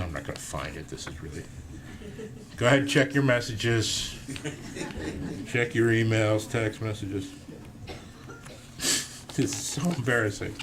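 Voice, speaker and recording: In a room full of listeners, a man with a lowish voice reads from a book he wrote, stopping for jokes at his own expense. The background is noisy.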